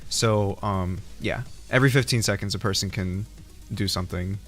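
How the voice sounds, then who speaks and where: A man's voice: fairly low pitch, normal speed, fairly bright tone. Giggly, joking male streamer. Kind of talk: casual chat. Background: faint background music.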